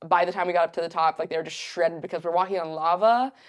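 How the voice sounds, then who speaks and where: Young woman guest, lively storyteller, slightly low voice, acts out quotes. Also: fast talker. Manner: animated, acts out quotes, many fillers. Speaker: podcast guest. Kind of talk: casual storytelling.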